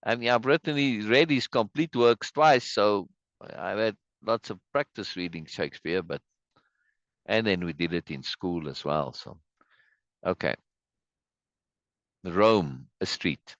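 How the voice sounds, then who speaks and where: A man with a low voice leads a casual play reading and drifts into chatty, musing asides. His intonation rises and falls in lively swings. Heard over a video call with dull, dry audio. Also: unhurried, no room sound. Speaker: host reading a play aloud.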